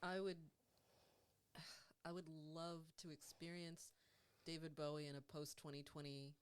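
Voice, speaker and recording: A woman's voice: deep voice, steady tone, a little slow, clean tone. A woman life coach co-hosting a podcast, chatting casually, laughing often and swearing now and then.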